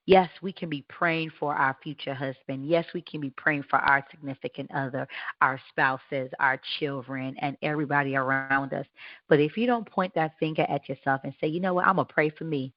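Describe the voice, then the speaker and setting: A woman with a low voice hosts a radio show and gives a warm, encouraging faith talk. She speaks earnestly in a loose, conversational way and often restarts her sentences. The sound is dry and a little dull. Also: normal speed, dry recording.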